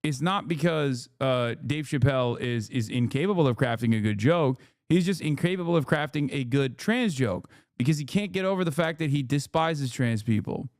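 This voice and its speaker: A man's voice: medium pitch, animated, moderate pace, few pauses, no echo, clean studio sound. Man ranting emphatically on a stream. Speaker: streamer reacting to a video. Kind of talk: live-stream reaction commentary.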